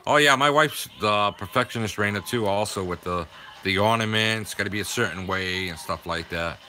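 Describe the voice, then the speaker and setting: An older man from southeastern Massachusetts with a local accent, casually chatting with viewers on a livestream in a rambling, halting way. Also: on the low side, pushed and bright, slight background noise. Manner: rambling, halting, full of fillers. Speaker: livestream host. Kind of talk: casual chat reading viewer comments.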